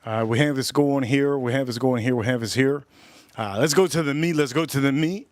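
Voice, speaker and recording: A man's voice: mid-range voice, brisk. A jet-lagged man hosting a casual livestream, repeating himself, swearing loosely and calling out to viewers. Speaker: livestream host.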